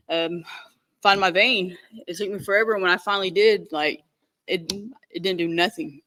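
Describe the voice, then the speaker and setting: A woman telling her recovery story in an earnest, candid way, halting often and repeating herself with many fillers. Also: mid-range voice, sharp tone. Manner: halting, repetitive, with many "you know" fillers. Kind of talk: personal recovery testimony.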